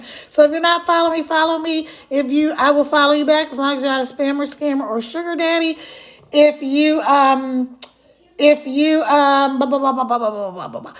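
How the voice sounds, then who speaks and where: A woman hosting a casual livestream, chatting to viewers directly in an animated, talkative way. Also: high-pitched. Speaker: livestream host.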